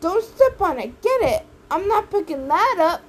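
A woman's voice: extremely high pitch, sing-song, moderate pace, voice pushed up. A woman reading an audiobook aloud, voicing an urgent, bossy teenage girl. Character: anxious, urgent teen girl. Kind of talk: audiobook character voices.

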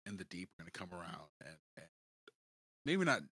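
A man co-hosting a podcast in casual chat, relaxed and slangy, laughing easily. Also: low voice, brisk, slightly rough. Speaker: podcast co-host.

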